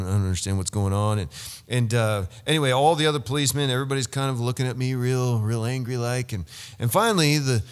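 A man's voice: mid-range voice, clear, resonant tone. A man preaching a sermon, telling a story with many stammered restarts. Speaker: pastor. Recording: long hall reverb.

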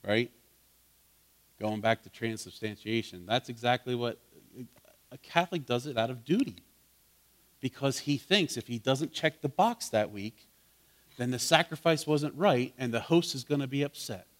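A man's voice: mid-range voice, moderate pace. A man preaching in a conversational way, asking his listeners questions and building to fervent emphasis. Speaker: pastor teaching a Bible study. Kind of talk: interactive sermon.

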